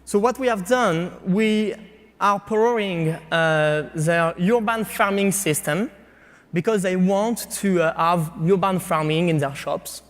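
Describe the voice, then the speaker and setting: A man with a French accent giving a startup pitch to an audience, speaking haltingly with frequent fillers and restarts. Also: long reverb tail. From France. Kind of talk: competition pitch presentation.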